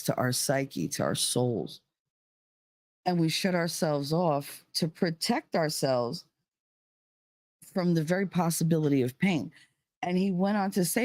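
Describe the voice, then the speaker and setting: A livestream host talking in a casual monologue, earnest and emphatic, with many fillers and key words stretched out slowly. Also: mid-range voice, darkish tone, no room sound.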